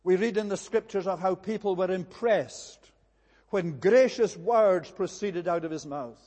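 A man preaching a sermon in an earnest, measured way, with an occasional slip or restart. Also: high-pitched, warm tone, long reverb tail.

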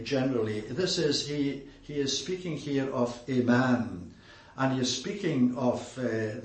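Male preacher, expository sermon, deliberate delivery, frequent hesitations, mid-pitched voice, echoey church. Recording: roomy echo.

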